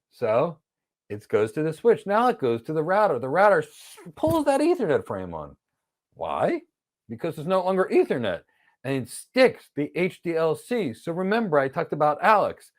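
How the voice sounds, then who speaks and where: A male instructor delivering a recorded training lecture, his voice sitting a little high for a man. He tells the material as a story, swinging his pitch widely and acting out little conversations as he goes. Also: moderate pace. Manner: animated storytelling with acted-out dialogue.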